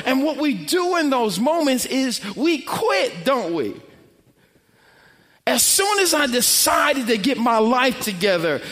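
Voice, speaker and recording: A man pastor preaching a sermon, emphatic and swinging from loud to hushed. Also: extremely high pitch. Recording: long hall reverb.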